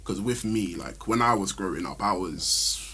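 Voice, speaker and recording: A man's voice: low-pitched, animated, moderate pace, pushed and bright, husky. A young man, a student guest on a podcast, talking reflectively and hesitantly with many fillers. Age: young adult. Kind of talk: casual chat.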